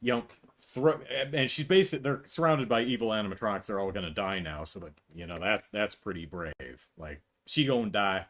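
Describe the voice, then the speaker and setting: A man's voice: fairly low pitch, moderate pace, few pauses, fairly bright tone. A middle-aged man hosting a podcast, talking through a film in a casual, sarcastic, exasperated monologue. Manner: exasperated, sarcastic, mocking acted quotes. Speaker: podcast host. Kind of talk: casual movie review monologue.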